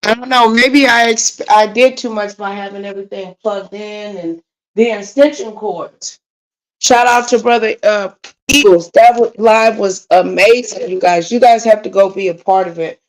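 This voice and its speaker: A woman's voice: mid-range voice, normal speed, rough recording. A woman hosting a casual livestream, talking straight to her viewers in a frustrated, rambling way. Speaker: livestream host.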